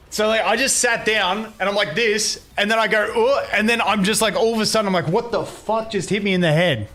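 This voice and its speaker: This young streamer's voice sits high with a fairly bright tone. In casual live-stream chat with viewers, he swears a lot and tells rambling stories with plenty of restarts.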